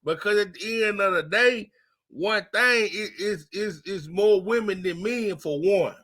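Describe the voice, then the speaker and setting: A man's voice: high voice, measured pace, bright, forceful tone. A man co-hosting a podcast in casual chat, emphatic and repeating words for emphasis. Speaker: podcast co-host.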